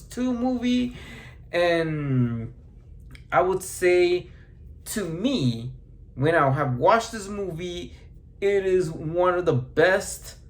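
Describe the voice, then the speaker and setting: Slow, halting man reviewing a movie. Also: fairly high pitch. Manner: halting and rambling, full of restarts and fillers. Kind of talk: casual spoken movie review.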